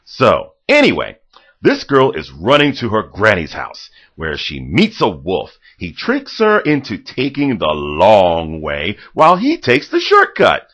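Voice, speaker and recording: A man voicing an excitable, boastful storybook narrator who rambles loudly and gets carried away. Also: on the low side, measured pace, breathy edge, pitched above the performer's own voice, exaggerated voice. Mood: excited.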